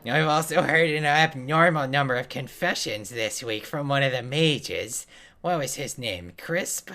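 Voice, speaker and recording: A man's voice: mid-range voice, measured pace, bright, forceful tone. A man voicing a pompous old male priest in a game, lofty and sermonizing.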